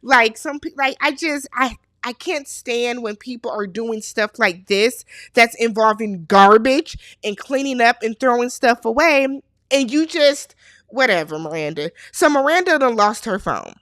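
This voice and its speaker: A woman's voice: fairly high pitch, animated, a little slow, fairly bright tone, no room sound, studio quality. A woman hosting a casual TV recap, chatty and opinionated, acting out the characters' lines as she goes. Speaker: recap host.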